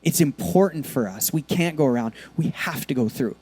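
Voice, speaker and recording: A man preaching a sermon in a church, talking casually with lots of fillers, and swinging between soft, quiet lines and loud, emphatic ones. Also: on the high side, lively intonation, normal speed, slightly rough. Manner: casual, conversational preaching with many fillers and laughs. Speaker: pastor.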